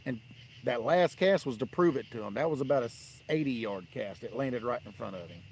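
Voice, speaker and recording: A man's voice: mid-range voice, lively intonation, a little fast, vocal fry, a little hiss or hum. A man hosting a fishing livestream, telling rambling, blunt stories in a dismissive tone from a riverbank at night. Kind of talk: casual live-stream rant.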